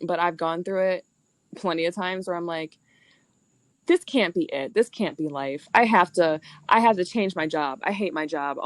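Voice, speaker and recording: A young woman with a fairly low voice hosts a loose, casual chat. She is blunt, laughs often and swears freely. The sound is dry and close, with no room around it. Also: normal speed, no echo. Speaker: podcast host.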